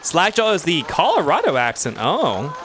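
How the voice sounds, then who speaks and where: A man casually commenting on his own gameplay as a streamer, excitable and talking to himself as he plays. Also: on the high side, moderate pace, background noise. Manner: excitable, talks to himself while playing.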